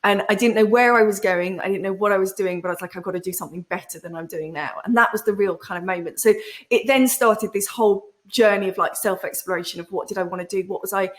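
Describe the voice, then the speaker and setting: A woman, a podcast guest and entrepreneur, telling a candid personal story in an interview, animated and acting out remembered conversations, with frequent fillers and restarts. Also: medium pitch, quick pace.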